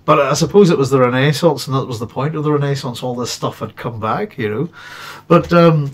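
A man's voice: medium pitch, brisk. Male host, casual, meandering chat from his home setup. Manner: rambling, many restarts and fillers.

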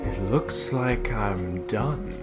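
A man commentating on his own gameplay in a casual, excitable, goofy way. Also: fairly low pitch, over loud music. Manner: excitable and goofy, with quick bursts of exclamations. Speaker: gaming video host.

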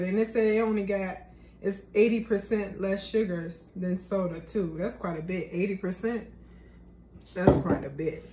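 A woman's voice: medium pitch, fairly even intonation, moderate pace, warm tone. A young woman chatting casually in a cooking vlog, slangy and talkative, tasting her food as she talks. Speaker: vlogger.

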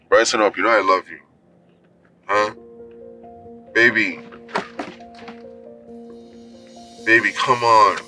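An actor playing a widowed father who gently coaxes his young daughter, with a soft, pleading manner. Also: medium pitch, low-quality recording. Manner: soft, coaxing, pet names. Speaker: single father. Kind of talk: film acting.

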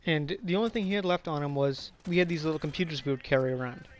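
A man's voice: a little high, fast. Young man rambling through a profane story. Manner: rambling, profane, lots of fillers. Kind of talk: casual storytime vlog.

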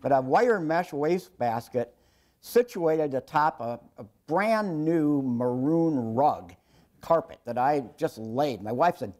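A man in his sixties giving a public lecture told through stories, wry and self-deprecating, often halting and restarting his sentences. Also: medium pitch, expressive, darkish tone. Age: 60s. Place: lecture hall with an audience.

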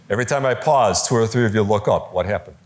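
A man giving a conversational talk on preaching to a live audience, lively, with fillers and quoted voices, in a large room. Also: on the low side, a little fast, a little hiss or hum. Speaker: speaker teaching preachers.

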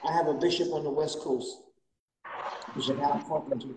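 A man preaching a fervent sermon as a guest bishop, repeating refrains and rising to shouts. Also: on the high side, steady tone, normal speed. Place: church sanctuary. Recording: echoey church, distant mic, faint noise.

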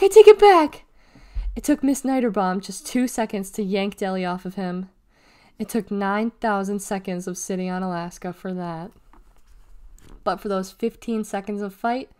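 A woman reading a children's novel aloud in a steady storytelling manner. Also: mid-range voice. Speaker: reader.

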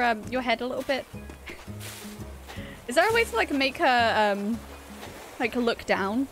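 A woman's voice: high voice, animated, a little slow, pauses often, music in the background. A woman streaming video games, chatting casually, giggling often and talking back to the characters on screen. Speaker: gaming streamer. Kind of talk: casual live-stream commentary while playing.

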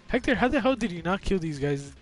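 A young man streams a video game with his friends and keeps up a joking, excitable chatter full of swearing. His voice sits a little high for a man. Game music runs faintly under him. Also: quick pace. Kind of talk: casual gaming chat.

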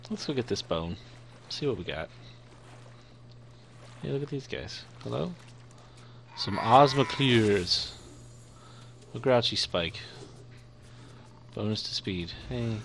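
A man's voice: medium pitch, lively intonation, slow, gravelly, pauses often, a bit bright, a little hiss or hum. A young man giving playful let's-play commentary, chatting to the creatures on screen as he plays. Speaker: gaming YouTuber.

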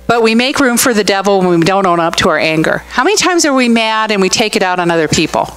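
A woman pastor preaches in an easy, chatty way, trading asides and questions with the people in front of her. Her voice sits at an ordinary middle pitch. Faint music lingers in the background. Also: expressive, quick pace, hardly any pauses, fairly bright tone, clear, resonant tone, low-quality recording. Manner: chatty, storytelling, asks the room questions. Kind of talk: conversational sermon with congregation banter.

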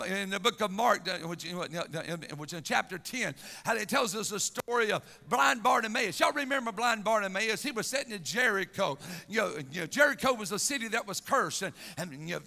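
A man with a Southern US accent preaching a fervent revival sermon as pastor, with halting repetitions and shouted rises. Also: sits high, expressive, creaky. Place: church sanctuary. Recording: reverberant church hall with organ music.

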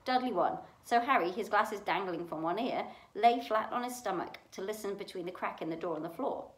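A woman reading a novel aloud for a library storytime, in an expressive way. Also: mid-range voice, fairly quick. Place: library room. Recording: echoey room.

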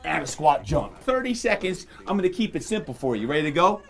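A man's voice: on the high side, a little fast, vocal fry. Upbeat, pumped-up male fitness trainer. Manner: energetic, upbeat, cheering on with pet names. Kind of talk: coaching a live workout demo.

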